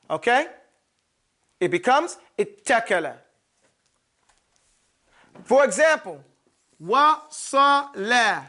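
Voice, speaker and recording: A very high, sharp-toned male voice leads a grammar lesson at the classroom board. The teacher repeats words and keeps making sure students follow, checking in with "okay?" and "you follow me?"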